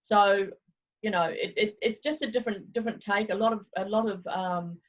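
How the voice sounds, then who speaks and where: A chatty woman with a New Zealand accent speaks in a middle-pitched voice over a slightly dull, muffled video call line. She is frank, easygoing and quick to laugh. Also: fairly even intonation. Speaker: travel agency owner. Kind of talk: remote interview, casual chat.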